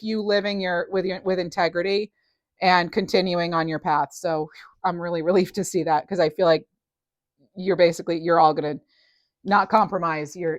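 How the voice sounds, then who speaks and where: A woman giving a casual tarot reading to camera, chatty and animated, full of fillers and restarts. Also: on the low side, dry recording, studio quality. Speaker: tarot reader.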